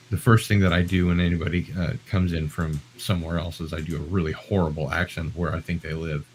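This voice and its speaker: A man's voice: deep voice, little pitch movement, quick pace, hardly any pauses, slight background noise, poor audio. An American man live-streaming, talking in a chatty, rambling, self-deprecating way. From United States. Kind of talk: casual live-stream chat.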